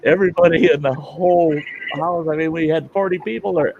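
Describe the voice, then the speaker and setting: A man's voice: on the high side, steady tone, fairly quick, vocal fry. A man casually telling rambling, profane stories and laughing often, in a dull lo-fi recording with faint hiss. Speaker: host. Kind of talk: casual storytelling chat.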